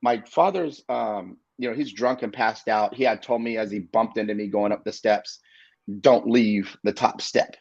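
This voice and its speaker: A husky, gravelly man in his forties tells a personal story in an earnest, halting way, stopping and restarting often. His voice sits at an ordinary pitch. The sound is dry and a little muffled. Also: no echo. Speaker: inspirational speaker. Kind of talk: storytelling on a video call show.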